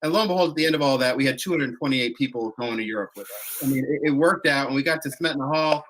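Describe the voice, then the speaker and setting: A man's voice: medium pitch, fast, fairly bright tone, low-quality recording. A man leading a chorus, telling its touring history in a rambling, self-correcting way, acting out quoted lines. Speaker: chorus leader. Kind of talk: conversational storytelling.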